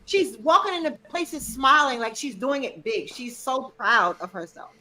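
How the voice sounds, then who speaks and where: A woman's voice: high voice, expressive, normal speed, sharp tone, poor audio. A woman co-hosting a TV review show in casual chat, laid-back, explaining and chiming in.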